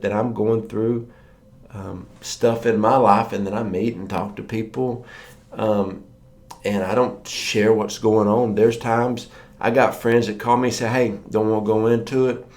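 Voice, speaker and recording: Man preaching, middle-pitched, chatty storyteller who voices the people he quotes. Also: darkish tone. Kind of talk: sermon.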